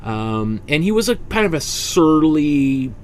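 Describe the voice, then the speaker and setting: A man teaching an online painting class in a casual, rambling way, often correcting himself and filling pauses. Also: on the high side, very animated, darkish tone, a little hiss or hum. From Canada. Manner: rambling, self-correcting, chatty with frequent fillers. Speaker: art instructor.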